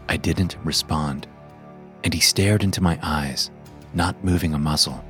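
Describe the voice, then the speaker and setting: A man with a very deep voice tells a first-person horror story, keeping it low, measured and tense. Faint music plays beneath him. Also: a bit bright. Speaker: narrator.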